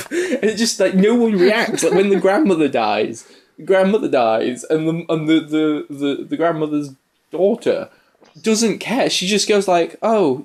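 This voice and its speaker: A man's voice: high voice, a little mellow. A young man from the UK on a film review podcast, animatedly retelling scenes and laughing as he talks. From United Kingdom. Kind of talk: casual chat.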